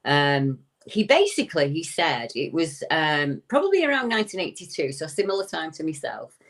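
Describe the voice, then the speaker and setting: Low-voiced woman telling a story. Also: sing-song, moderate pace. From United Kingdom. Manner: chatty storyteller, frequent "um". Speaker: returning guest. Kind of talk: recounting a paranormal story.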